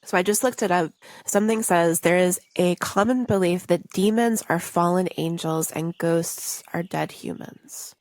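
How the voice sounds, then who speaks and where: On the low side and darkish in tone, this woman's voice moves at a normal speed on a dry recording. As a podcast co-host in a casual movie discussion, she thinks aloud, leaning on lots of "like" and "um".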